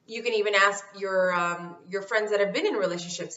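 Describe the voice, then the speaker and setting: A woman's voice: medium pitch, a little fast, hardly any pauses, pushed and bright. A woman vlogger talking casually to camera with motivational life advice, emphatic and repeating her key phrases. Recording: roomy, distant, dull sound.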